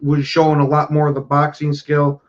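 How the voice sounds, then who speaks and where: A man co-hosting a podcast in casual chat, speaking in a measured, conversational way. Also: fairly high pitch, monotone, muffled recording. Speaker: podcast co-host.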